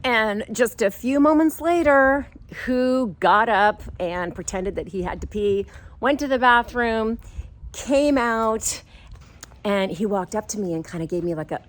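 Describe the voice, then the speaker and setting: A middle-aged woman casually telling a personal story, playful and giggly, acting out quoted voices. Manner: animated, acts out quoted voices with big pitch jumps.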